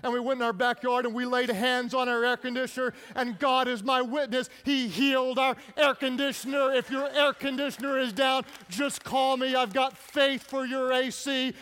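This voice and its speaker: A middle-aged man, a pastor, preaching a sermon and telling personal stories with humor and hushed intensity. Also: very high-pitched, level tone, normal speed, few pauses, clean tone, long reverb tail.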